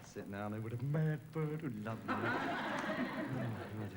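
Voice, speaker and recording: A man doing a stand-up comedy routine on a variety show, rattling off quick one-liners. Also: medium pitch. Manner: rapid one-liners, lively punchline delivery. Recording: noisy old off-air TV tape.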